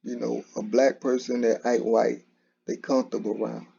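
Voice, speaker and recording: A man's voice: medium pitch, flat delivery, moderate pace, creaky, dark tone, a little hiss or hum. A man, talking in a casual, conversational monologue with frequent restarts and repeated "you know". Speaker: commentary channel host. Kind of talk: casual solo commentary. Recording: dull lo-fi recording.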